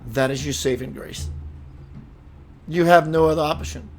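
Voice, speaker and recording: A man's voice: on the high side, steady tone, moderate pace, soft background music. A man hosting a live spiritual talk show, speaking emphatically and calling his viewers sister and brother as he reads their comments.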